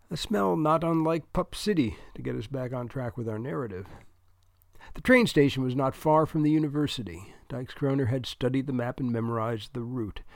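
A male narrator reads a comic story with a wry, deadpan humor and small asides to the listener. His voice sits at an ordinary middle pitch. The recording is very dry and close, with no room sound. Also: no room sound. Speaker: audiobook narrator.

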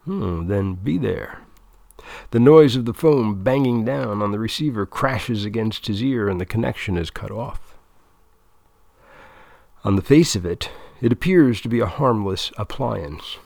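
A man's voice: fairly low pitch, expressive, normal speed, gravelly, darkish tone, no room sound. A man narrating a story in a dramatic reading style, with a wry, ironic manner.

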